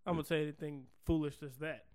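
A man's voice: on the high side, steady tone, fast, darkish tone, a little hiss or hum. A man co-hosting a casual podcast chat, teasing his partner and laughing often, on a close studio mic. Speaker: podcast co-host.

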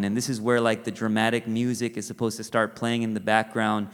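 A man's voice: fairly low pitch, level tone, a little fast, hardly any pauses, in a large hall. A man preaching a sermon in a conversational way, acting out quotes and adding rhetorical asides.

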